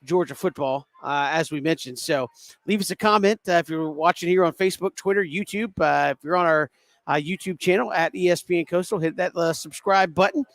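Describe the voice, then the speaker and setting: Fast-talking man hosting live sports talk. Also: a little high, a bit bright, no echo. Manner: brisk, upbeat, host-like prompts. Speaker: host.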